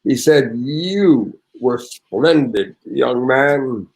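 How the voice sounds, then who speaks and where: An older man voicing a gracious, slightly tipsy older male maestro, speaking slowly and grandly in a storytelling anecdote. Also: medium pitch, animated, a little mellow. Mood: courtly.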